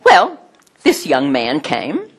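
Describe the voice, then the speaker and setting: Husky, animated woman preaching. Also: deep voice, takes it slowly. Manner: animated, chatty, laughs often, mimics sounds. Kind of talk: sermon with personal stories.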